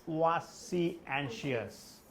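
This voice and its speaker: There's crowd noise as a man teaches an English test class live, speaking extremely slowly at a fairly high pitch. This language test trainer quizzes the students with questions and explains answers, leaning heavily on "like" and "okay."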